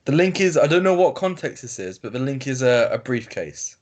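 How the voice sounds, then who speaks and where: A man reads an online story aloud to his co-host over a call, stumbling and restarting often. His voice sits in a middle pitch, with fillers scattered through the reading. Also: very animated. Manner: reads haltingly with fillers and self-corrections. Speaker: podcast co-host reading stories. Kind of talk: casual chat, reading aloud. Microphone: video call. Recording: lo-fi call audio.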